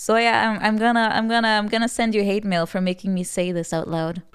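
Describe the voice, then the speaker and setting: A woman's voice: mid-range voice, clean tone. A woman with a Dutch accent, a streamer chatting casually with viewers, giggling often and stammering through playful restarts.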